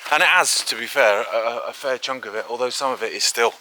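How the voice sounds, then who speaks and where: A man hosting a walking exploration video outdoors, chatting excitedly to a handheld camera with frequent filler asides. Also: medium pitch, fast, a little hiss or hum. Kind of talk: casual walk-and-talk to camera. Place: outdoors in fields, woods and an old quarry.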